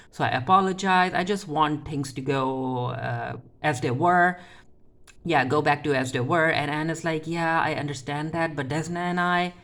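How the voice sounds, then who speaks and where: A casual reviewer recapping a TV episode, pitched in an everyday middle range. They keep slipping into loose paraphrases of what each character said, stumbling and restarting with plenty of filler words along the way. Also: fairly bright tone. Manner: retells scenes by loosely paraphrasing characters' lines. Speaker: TV show reviewer.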